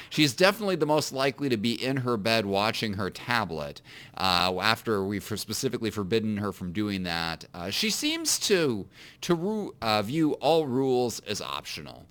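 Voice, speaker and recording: A man in his thirties chatting on a podcast in a bright, forward voice that swings up and down a lot, with a lowish pitch. He rambles, pokes fun at himself and keeps restarting his sentences. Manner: rambling, self-deprecating, many restarts. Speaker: podcast co-host. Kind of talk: casual chat.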